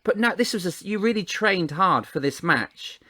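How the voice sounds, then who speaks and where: A man's voice: high-pitched, lively intonation, moderate pace, pushed and bright, dry recording. A man interviewing a friend in casual chat, enthusiastic and full of friendly banter.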